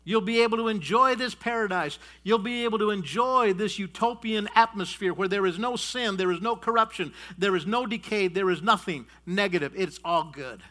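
A man preaching a sermon in a high, bright voice. He hammers home his points through repetition and keeps calling the congregation folks. His voice swells loud on declarations and drops low for asides. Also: moderate pace, few pauses. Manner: emphatic, repeats key phrases, addresses the congregation as folks.

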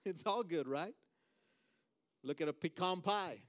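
Impassioned male pastor preaching a sermon. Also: measured pace. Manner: building to loud repeated emphatic refrains, then dropping soft for prayer; preaching with dramatic swings in pitch and volume.

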